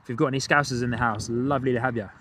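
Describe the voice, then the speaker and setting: A man's voice: medium pitch, fairly even intonation, fast talker, sharp tone, slight background noise. A man hosting a live plane-spotting stream outdoors near a runway. He talks chattily and greets his viewers by name. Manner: chatty, reads out viewer comments and greets chat.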